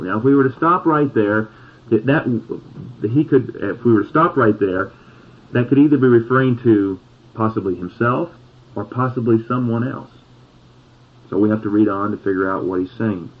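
A man preaching a sermon, reading scripture slowly and pausing on key words for emphasis. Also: lowish voice, breathy edge. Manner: slow, deliberate scripture reading with emphatic pauses. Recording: tinny phone-like sound.

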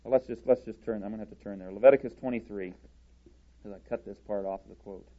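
Deliberate preacher man, lo-fi sermon. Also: fairly low pitch, fairly even intonation, mellow. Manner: deliberate, halting, with restarts. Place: church podium.

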